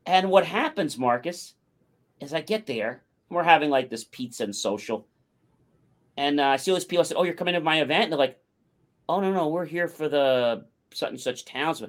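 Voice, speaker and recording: Talk show co-host, male, animated anecdote teller with swinging pitch. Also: a little fast. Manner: animated anecdote with acted-out quotes. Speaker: podcast co-host. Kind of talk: casual storytelling.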